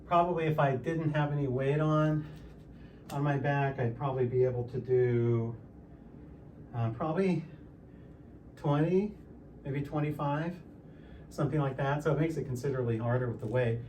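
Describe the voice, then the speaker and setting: Relaxed man in his sixties, distant mic. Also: medium pitch, moderate pace, long pauses, slight background noise. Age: 60s. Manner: relaxed, plain explaining with frequent fillers. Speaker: fitness vlogger. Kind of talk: casual talk while exercising.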